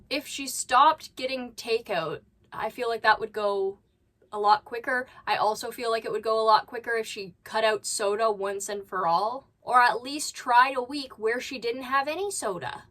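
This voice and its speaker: A woman's voice: a little high, fairly bright tone. A woman hosting a reaction channel, giving blunt, critical commentary with sarcastic asides from home.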